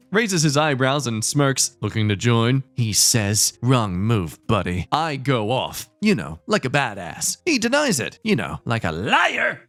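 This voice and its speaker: A man's voice: mid-range voice, no room sound. A man hosting a show, reading Reddit stories aloud and breaking off for sarcastic asides. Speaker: host.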